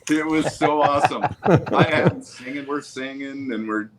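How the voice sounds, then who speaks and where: A man guest on a video call from home, telling animated stories and laughing often. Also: mid-range voice, measured pace, over a noisy crowd. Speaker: guest, photographer. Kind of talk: casual storytelling on a video call.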